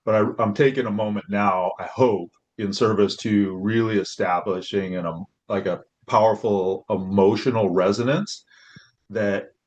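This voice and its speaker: Male host, thoughtful and halting, lowish voice, dull lo-fi call sound. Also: a little mellow. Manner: reflective and hesitant, many fillers. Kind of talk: casual conversation.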